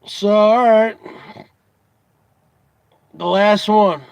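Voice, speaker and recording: A man hosting a casual comedy show, asking his audience teasing questions over and over in a drawn-out way. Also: high-pitched, fairly even intonation, gravelly, clear, resonant tone, no room sound. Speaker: host.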